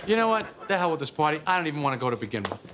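A man's voice: on the high side, big pitch swings, rapid-fire, very noisy. An actor in a sitcom playing a wry, sarcastic man with an observational, joking delivery. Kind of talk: sitcom acting. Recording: studio audience laughter.

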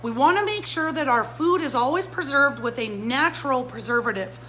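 A woman's voice: sits high, moderate pace, pushed and bright, slight background noise, low-quality recording. A woman who runs a pet store, giving a fired-up live-stream talk straight to her viewers. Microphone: phone or camera mic.

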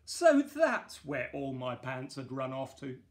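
A man voicing an excited young boy prince in a storybook, breathless and high. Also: takes it slowly.

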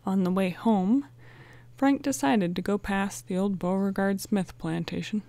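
A woman narrating a storybook in a clear, even way. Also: medium pitch, measured pace, dry recording. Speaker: audiobook narrator.

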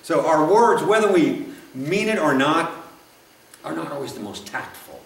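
This pastor's sermon wanders in a folksy way, with asides and frequent restarts, recorded from afar in a roomy church sanctuary. He speaks at normal speed in a fairly high, gravelly, sing-song voice.

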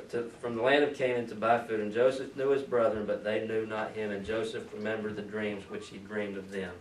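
A man leading a Bible study, reading scripture aloud and then explaining it in a conversational way. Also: on the low side. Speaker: Bible teacher. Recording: echoey room, mic at a distance, faint ambient noise.

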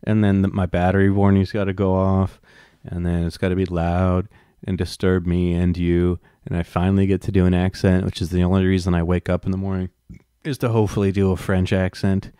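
Low, mellow-voiced man reading aloud. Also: flat delivery, brisk, clear, resonant tone, dry recording, clean studio sound. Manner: wry, profane offhand asides. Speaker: reader and commentator. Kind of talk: reading a book aloud with casual asides.

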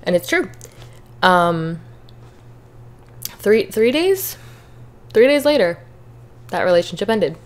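A young woman hosting a podcast candidly and earnestly shares her personal faith testimony, emotional at times and on the verge of tears. Her medium-pitched voice is sing-song and slow, with long pauses.

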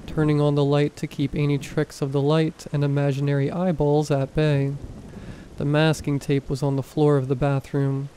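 Male horror narrator, mellow tone, flat steady delivery, faint rain behind. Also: a little high, slight background noise, low-quality recording. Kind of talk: scripted narration.

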